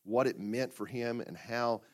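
A man preaching a sermon as pastor, talking plainly and conversationally, then breaking into sudden loud bursts. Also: medium pitch, measured pace. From United States. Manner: conversational and plainspoken, with fillers and restarts.

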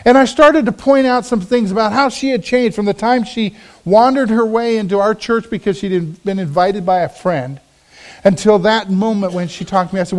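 A man's voice: high-pitched, moderate pace. A man, a pastor, preaching a sermon, telling a personal story in an earnest, storytelling way with emphatic swells.

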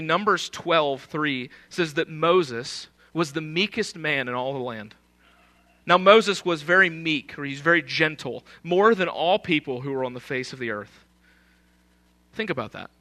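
A man's voice: on the high side, bright, forceful tone. A man preaching a sermon in an emphatic, conversational way, often posing rhetorical questions.

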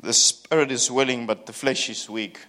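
A male preacher at a middle pitch, telling the story with lively, self-mocking humor. He swings between loud emphasis and quiet asides as he preaches. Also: moderate pace. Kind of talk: sermon.

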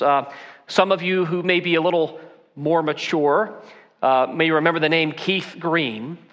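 A man's voice: on the high side, fairly bright tone. A man preaching a sermon as a pastor, asking pointed rhetorical questions and pressing each point with emphasis. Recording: long hall reverb.

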